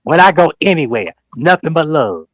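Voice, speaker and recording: A man's voice: a little high, normal speed, dry recording. A man talking as a guest on a livestream, calling people out in an emphatic, preachy way, repeating his points and acting out what others said. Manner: slangy, animated storytelling with mock quotes. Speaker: guest on a livestream talk show. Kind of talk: heated livestream call-out talk.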